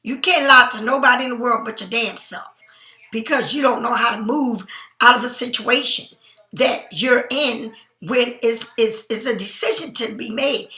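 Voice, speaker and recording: Woman tarot reader, casual reading, high bright voice, blunt and profane, a bit sleepy, echoey room. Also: moderate pace. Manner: blunt, emphatic, swears freely. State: sleepy, yawning.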